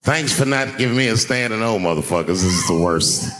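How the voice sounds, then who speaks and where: A man in his forties performing a loose, profane stand-up set, drawling with sudden jumps in pitch. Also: expressive, a little fast, background noise. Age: 40s. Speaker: stand-up comedian.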